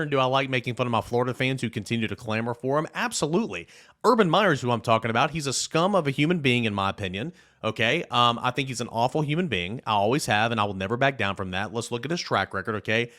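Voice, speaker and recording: A man hosting a college football podcast, talking casually and with strong opinions, jumping between loud jabs and quiet muttered asides. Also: mid-range voice, quick pace. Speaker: podcast host. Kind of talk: casual sports podcast talk with a read ad.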